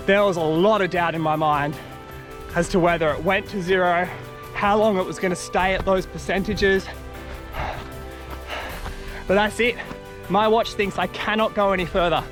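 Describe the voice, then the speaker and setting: Excitable man vlogging on a trail. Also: high voice, moderate pace, long pauses, over music. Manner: excitable, rambling, swears mildly. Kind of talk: casual self-filmed vlog talk. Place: outdoors on a hill trail.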